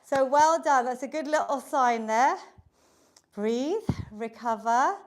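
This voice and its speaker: High-voiced upbeat woman fitness instructor. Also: slow pace. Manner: upbeat, encouraging, counts reps aloud. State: slightly out of breath. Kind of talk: live online workout class.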